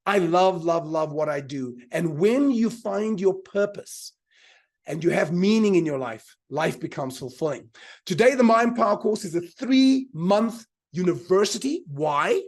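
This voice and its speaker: Energetic male motivational speaker. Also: sits high, a little slow. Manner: energetic, repeats key lines for emphasis, invites the audience to answer in the chat. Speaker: motivational speaker and mind power teacher. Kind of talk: live online motivational seminar.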